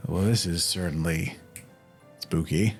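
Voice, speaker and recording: A man's voice: deep voice, measured pace, soft background music. A man playing a tabletop game, joking around with the group. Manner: jokey, animated. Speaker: player. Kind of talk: casual tabletop play.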